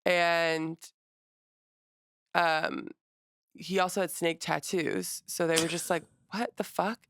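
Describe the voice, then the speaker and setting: A young adult woman co-hosting a casual podcast, retelling stories quickly with lots of quoted reactions. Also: lowish voice, little pitch movement, fairly bright tone, clear, resonant tone, dry recording, clean studio sound. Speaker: podcast co-host. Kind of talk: casual chat.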